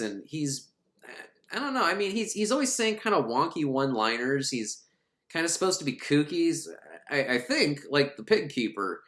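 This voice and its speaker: A man giving a casual, irreverent recap of an animated film, rambling and laughing as he goes. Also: fairly high pitch. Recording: roomy echo.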